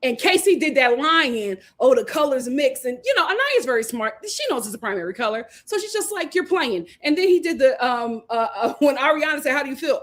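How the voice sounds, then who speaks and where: High-voiced woman hosting a lively recap. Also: moderate pace. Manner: animated, laughing, acts out the cast's lines. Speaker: host. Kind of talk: casual reality TV recap.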